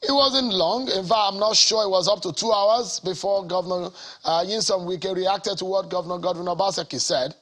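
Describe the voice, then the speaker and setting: A Nigerian man presenting a political news show, reading a statement aloud in a measured, deliberate way. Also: sits high, a bit bright.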